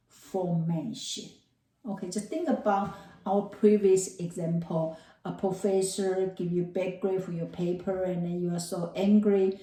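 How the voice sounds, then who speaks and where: A woman's voice: fairly low pitch, fairly even intonation, unhurried, mellow. A woman professor giving a classroom lecture, explaining terms through everyday examples and checking whether her students follow. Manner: explains with everyday examples, repeats key terms, asks if it makes sense. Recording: roomy, distant mic.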